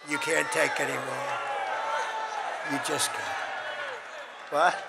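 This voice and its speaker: An older man giving a rambling, boastful campaign rally speech, his voice hoarse and worn, swinging between loud shouts and low asides. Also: flat delivery, slow. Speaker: political candidate at a rally. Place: large rally venue. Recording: reverberant hall with crowd and faint noise.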